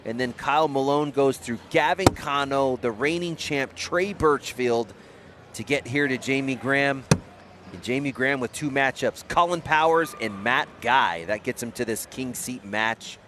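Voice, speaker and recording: A man giving brisk, excitable play-by-play commentary on a tournament match. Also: mid-range voice, noisy background. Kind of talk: sports commentary.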